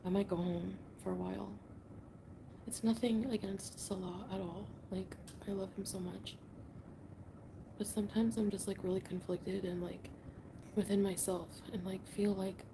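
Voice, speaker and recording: Tearful woman half-whispering, gravelly fry. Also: mid-range voice, fairly even intonation, moderate pace, long pauses, noisy background. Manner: soft, often half-whispered, rambling. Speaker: livestreamer. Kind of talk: late-night livestream confessional. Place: home at night. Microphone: phone livestream.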